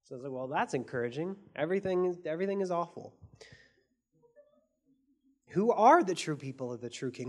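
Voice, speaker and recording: A man preaching a sermon as pastor, earnest, asking his listeners questions and swinging between soft and emphatic delivery. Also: a little high, expressive, a little fast, long pauses. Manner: asks the audience many questions.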